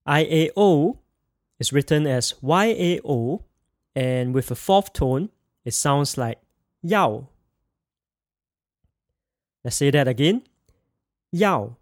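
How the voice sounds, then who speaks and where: Slow, careful male language teacher. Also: a little high, lively intonation, dry recording, clean studio sound. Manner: slow, careful enunciation with drilled repetitions. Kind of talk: recorded pronunciation lesson.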